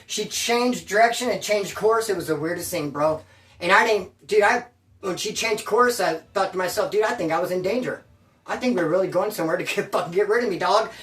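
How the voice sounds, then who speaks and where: A man's voice: sits high, fairly bright tone, reverberant, distant mic. A man telling a story from his past in casual, profane street slang, rambling and repeating himself.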